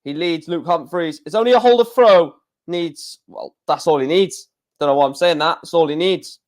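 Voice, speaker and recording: A man hosting a casual live darts watchalong stream. He calls out each score in quick, clipped bursts and slips in relaxed, chatty asides between throws. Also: a little high. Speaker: stream host.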